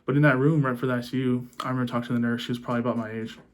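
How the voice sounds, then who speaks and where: A young man telling a personal story in a subdued, halting way, restarting his sentences and choking up at moments. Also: medium pitch, level tone. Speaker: vlogger.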